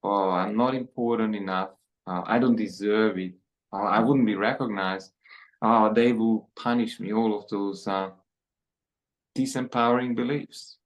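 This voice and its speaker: A man speaking as a podcast guest, reflective and a little halting as he talks. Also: lowish voice, fairly even intonation, low-quality recording. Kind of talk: conversational interview.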